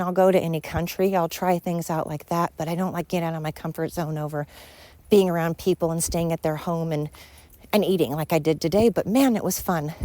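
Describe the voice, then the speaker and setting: Earnest, low-voiced woman podcaster rambling. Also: a little mellow, no room sound. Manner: earnest, rambling, emphatic with many fillers. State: slightly winded. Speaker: podcast host. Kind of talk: casual monologue.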